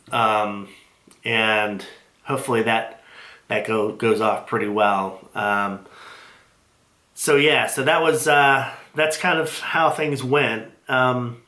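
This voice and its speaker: A man recording a casual personal video diary, halting and heartfelt, with many fillers and restarts. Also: mid-range voice, bright, forceful tone, roomy sound. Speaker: vlogger sharing his cancer treatment. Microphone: built-in device mic after lapel mic failed.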